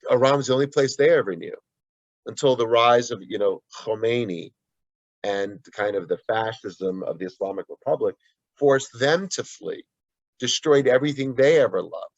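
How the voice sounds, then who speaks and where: A man's voice: medium pitch, dry recording, highs cut off. A man being interviewed as an author, answering earnestly with frequent restarts and asides. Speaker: guest author.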